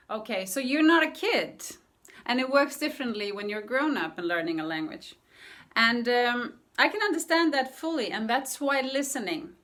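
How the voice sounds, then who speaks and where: A woman's voice: a little high, fairly bright tone. A woman language coach giving friendly casual tips in a vlog lesson, repeating words and laughing lightly.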